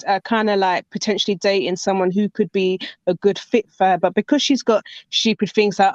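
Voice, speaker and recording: A podcast host with a London accent, talking in lively slang and teasing the panel. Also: mid-range voice, a little fast, few pauses, no echo. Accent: London English. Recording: dry dull lo-fi audio.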